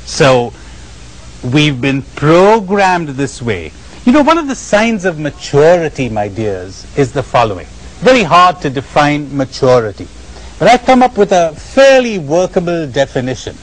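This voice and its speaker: A man giving a spiritual lecture to a live audience, animated and questioning, often asking the listeners questions and acting out the voices of the people he describes. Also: fairly high pitch, a little slow, poor audio. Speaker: spiritual teacher.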